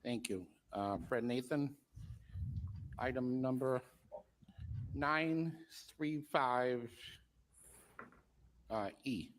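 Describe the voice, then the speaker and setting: A man giving public comment at a city council meeting, halting and earnest, with many fillers. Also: mid-range voice.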